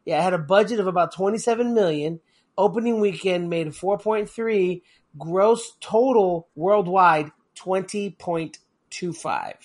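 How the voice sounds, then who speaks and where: High-pitched male co-host, casual rambling banter. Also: a little slow. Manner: joking, rambling, laughs often. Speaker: podcast co-host. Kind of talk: casual chat.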